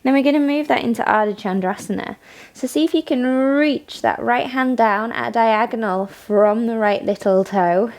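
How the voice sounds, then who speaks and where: A woman leading a morning yoga class, giving calm step-by-step cues and frequent praise. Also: mid-range voice. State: has the hiccups. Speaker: yoga instructor. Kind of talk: guided yoga class instruction.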